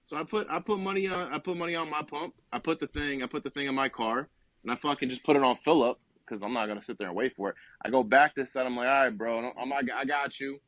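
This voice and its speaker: A man's voice: medium pitch, quick pace, a bit bright, dry recording. A young man from New Jersey, a podcast co-host, telling a rambling, profane comic story with lots of quoted dialogue. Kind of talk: casual comedic storytelling.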